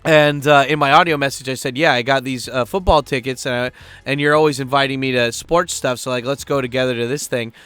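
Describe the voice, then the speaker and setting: Man, smooth voice, dry close sound, faint music behind, casual profane vlog rant. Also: medium pitch, steady tone, brisk, a bit bright, no room sound. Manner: profane, rambling storyteller. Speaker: vlogger living in Japan.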